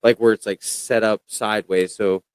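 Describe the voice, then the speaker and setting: A young man chatting casually as a podcast guest, telling stories in a rambling, animated way with lots of fillers. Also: on the low side, moderate pace, smooth, no room sound. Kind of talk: casual chat.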